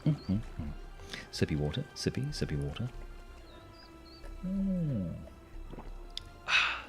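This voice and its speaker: A hoarse man chatting casually while streaming a game, playful and rambling, with silly sing-song asides. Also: low voice, animated, a little slow, over music.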